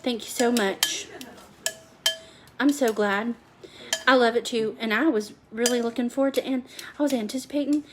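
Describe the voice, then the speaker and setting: A woman's voice: on the high side, noisy background. A woman hosting a chatty live cooking stream from her home kitchen, rambling and talking to viewers by name. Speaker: home cooking livestream host.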